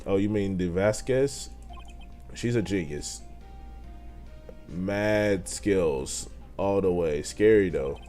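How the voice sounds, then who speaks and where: A man reading aloud the lines of an awkward, nerdy male TV director from a video game, in a quick, mumbling delivery. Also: sits low, mellow, soft background music. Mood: offhand.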